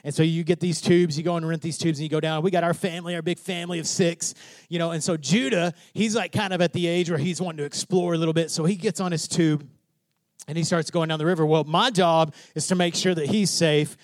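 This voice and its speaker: A man's voice: on the high side, steady tone, fast, no room sound. A pastor preaching to his congregation, asking questions and building to fervent emphasis. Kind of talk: sermon.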